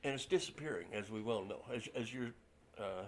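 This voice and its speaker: A man in the audience at a library event, making earnest, measured remarks and slowing down to stress his points. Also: fairly low pitch, a little hiss or hum. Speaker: audience member commenting. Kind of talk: casual reflective remarks. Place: public library event room.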